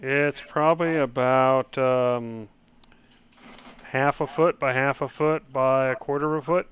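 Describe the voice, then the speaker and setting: A man's voice: medium pitch, steady tone, measured pace, a bit bright, clean tone, muffled recording. A man narrating a tabletop game as game master, hesitant and full of fillers, over online voice chat.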